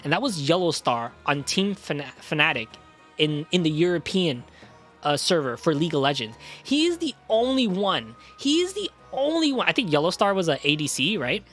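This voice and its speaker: Young guy streamer, swears a lot, bright voice. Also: on the high side, very animated, moderate pace, faint music behind. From Cambodian heritage. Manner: crude, rambling, slangy. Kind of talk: casual chat.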